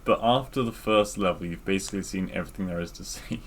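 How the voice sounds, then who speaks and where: A man's voice: sits low, quick pace. A man co-hosting a casual podcast, talking loosely with lots of fillers and some teasing of his co-host.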